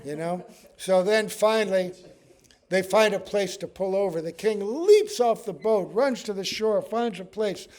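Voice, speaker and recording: A man's voice: high voice, unhurried, darkish tone. A man teaching a scripture class, telling stories with acted-out quotes and often asking "right?". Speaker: spiritual teacher.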